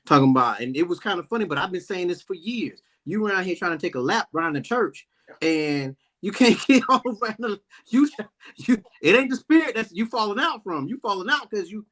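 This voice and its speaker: Animated fitness trainer man, preachy. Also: high-pitched, fairly quick. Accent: African American Vernacular English. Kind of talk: casual group chat.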